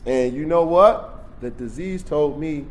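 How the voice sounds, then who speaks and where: A man telling his recovery story at a workshop, in streetwise storytelling that swings from hushed to loud. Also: fairly high pitch, unhurried. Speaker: recovery meeting speaker. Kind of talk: personal recovery share at a workshop. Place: convention workshop room.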